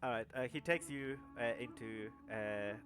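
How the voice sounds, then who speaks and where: A young man narrating a tabletop game as game master, halting with many fillers and restarts. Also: medium pitch, over music.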